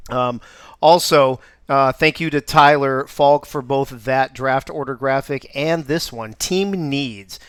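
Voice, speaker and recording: Male host, smooth voice, dry close sound, upbeat and joking. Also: medium pitch, slow pace, no echo. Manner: upbeat, joking, laughs often. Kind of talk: live show hosting.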